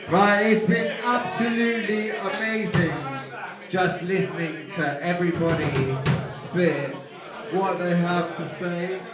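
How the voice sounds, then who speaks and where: A man's voice: high-pitched, takes it slowly. A man addressing a crowd casually, rambling with fillers and restarts. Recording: echoey live room with music behind.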